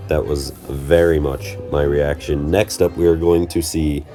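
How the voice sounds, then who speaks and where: Deep-voiced young man joking through trip footage. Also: little pitch movement, measured pace, loud music behind the voice. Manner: rambling, jokey, self-correcting. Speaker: channel host. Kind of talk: casual vlog commentary over trip footage. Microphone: voice-over.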